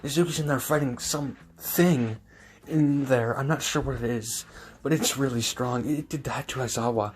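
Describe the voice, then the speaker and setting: A man voicing an anxious teenage boy student, urgent and hurried. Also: medium pitch, a little hiss or hum, pitched above the performer's own voice, natural voice.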